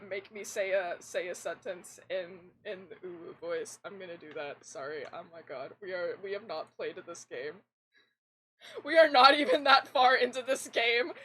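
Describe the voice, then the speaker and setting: A woman's voice: fairly high pitch, rough recording. A young woman streaming a game, chatting casually with viewers in a rambling way, her voice fairly androgynous, into a desk mic. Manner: rambling, restarts often, animated. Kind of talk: casual live-stream chat.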